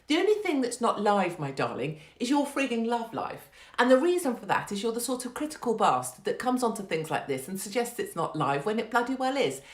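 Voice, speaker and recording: A woman, hosting a casual livestream, brash, sweary and sarcastic, mocking people with squealing impressions. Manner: mocking mimicry with high squeals. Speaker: livestream host. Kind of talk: casual ranting livestream chat. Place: home room, livestream. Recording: echoey room sound.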